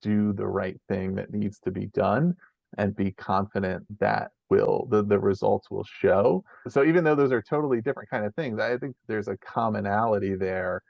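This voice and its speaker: This man has a low, gravelly voice with a lot of fry. He hosts a podcast and thinks out loud in long, winding sentences. The audio is a little dull and lo-fi. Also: normal speed, no room sound. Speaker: podcast host. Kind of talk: conversational interview. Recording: slightly muffled lo-fi audio.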